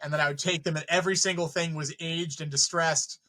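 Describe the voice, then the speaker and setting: A filmmaker being interviewed tells his stories with real animation and swears freely, acting out his own reactions as he goes. His voice sits a little high and rings bright. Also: fairly even intonation, fast talker, rough recording. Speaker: filmmaker guest. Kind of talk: casual storytelling.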